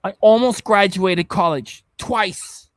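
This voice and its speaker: A man with a notably high speaking voice hosts a reaction livestream in loose, rambling chat. He jokes constantly and drifts into silly voices. The sound is dry and close. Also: takes it slowly, no echo. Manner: jokey, rambling, keeps slipping into silly voices. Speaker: reaction channel host.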